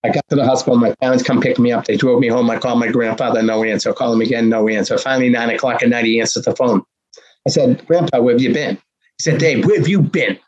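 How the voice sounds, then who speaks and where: A man in his sixties from the Boston area, telling his life story as a guest with animated, punchy repetition and acted-out dialogue. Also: mid-range voice. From Boston area, USA. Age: 60s. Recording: dull lo-fi recording.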